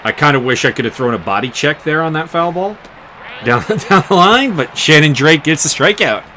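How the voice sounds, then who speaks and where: A man calls the action of his baseball game in a chatty, loose way, laughing often and riffing on player names. His voice is bright and swings up and down lively. Faint noise sits under the recording. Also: on the high side, a little fast. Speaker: game streamer commentating his baseball season. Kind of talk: casual play-by-play commentary.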